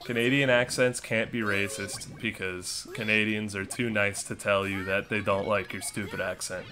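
A man's voice: fairly low pitch, flat delivery, normal speed, music in the background. A young man giving casual commentary on a puzzle game he is playing, with playful, sarcastic trash talk aimed at his opponent. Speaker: gaming streamer.

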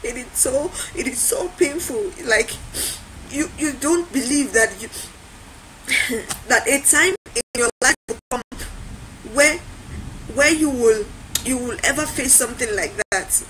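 Woman, high-pitched, motivational speaker, emphatic, repetitive build-ups. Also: a little slow, long pauses, fairly bright tone, slight background noise, rough recording. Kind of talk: motivational talk.

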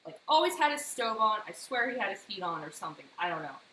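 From her home kitchen, a woman casually walks viewers through a live baking demo, chatting and slipping animated personal stories between the steps. She speaks quickly at medium pitch, and the kitchen sounds echoey with faint noise.

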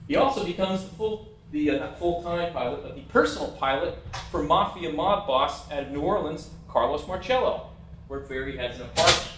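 A man's voice: a little high, animated, a little fast, fairly bright tone, slight background noise. A man giving a casual, blunt, opinionated talk as a presenter over a slideshow. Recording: echoey room, mic at a distance.

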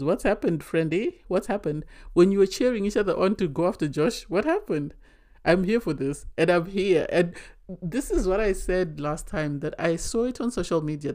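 In a low, mellow voice, a woman offers casual recap commentary on a reality dating show, full of strong opinions. She comes across as emphatic and frequently exasperated.

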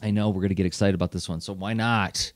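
A man's voice: deep voice, fairly even intonation, fast talker, dry recording, clean studio sound, soft background music. A man co-hosting a podcast, explaining ideas in an earnest, reflective way. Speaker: podcast co-host. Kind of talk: casual podcast chat.

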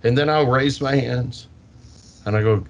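An older man, a science educator, answering interview questions with lively storytelling and acted-out kids' voices. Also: mid-range voice, unhurried, lo-fi sound. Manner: animated, acts out kids' voices. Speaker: science educator with a portable planetarium.

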